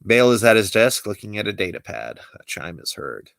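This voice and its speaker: A man reading out the stage directions of his own fan script, lively and uneven with small slips. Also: lowish voice, moderate pace, vocal fry, no echo. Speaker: script reader.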